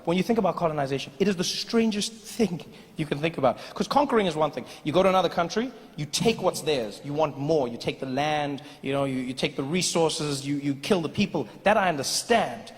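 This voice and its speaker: A male stand-up comedian telling stories in an animated way, breaking into mimicry. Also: fairly high pitch, fairly quick, hardly any pauses, slightly rough. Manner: animated storytelling with bursts of mimicry. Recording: reverberant live venue.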